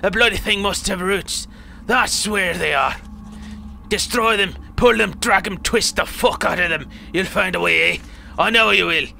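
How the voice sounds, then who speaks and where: A man's voice: high-pitched, moderate pace, gravelly, pushed and bright, a little hiss or hum, pitched above the performer's own voice, exaggerated voice. A man voicing a bitter, rambling old man in a wheelchair who rants and swears crudely. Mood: urgent.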